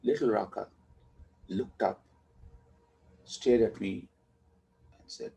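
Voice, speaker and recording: A reflective father tells a quiet story in a documentary interview. His low voice is gravelly and warm, and he speaks softly. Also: slow, pauses often, poor audio. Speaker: father telling a family story.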